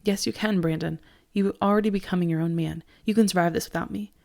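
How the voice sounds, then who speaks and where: A woman's voice: fairly low pitch, steady tone, gravelly. A woman reading a weak, trembling dying father. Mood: tender. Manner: quiet, slow, trembling.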